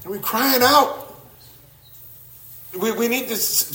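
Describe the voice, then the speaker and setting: A man preaching a sermon, swinging between loud exclamations and low, quiet asides, often repeating and restarting his words. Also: lively intonation, moderate pace, pauses often, roomy sound.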